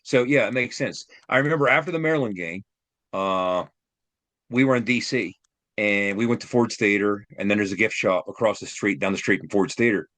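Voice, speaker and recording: Lower-voiced man reminiscing casually. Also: brisk, dry recording. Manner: relaxed, reminiscing with hesitant fillers. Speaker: podcast co-host. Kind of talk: casual sports chat.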